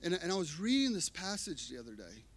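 Bright, animated preacher man. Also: a little high, fast talker. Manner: animated and emphatic, swinging between hushed and loud. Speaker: pastor. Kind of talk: sermon. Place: church.

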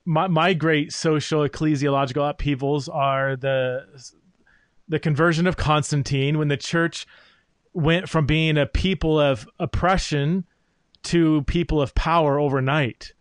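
A man's voice: fairly high pitch, fairly even intonation, measured pace, dry recording. A man hosting a podcast, talking through ideas in a thoughtful, searching way with many fillers. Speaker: podcast host. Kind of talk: interview conversation.

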